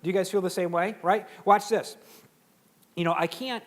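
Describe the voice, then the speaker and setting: A middle-aged man giving a motivational seminar talk to a live audience, animated and acting out quoted voices. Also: sits high, moderate pace. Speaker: seminar speaker.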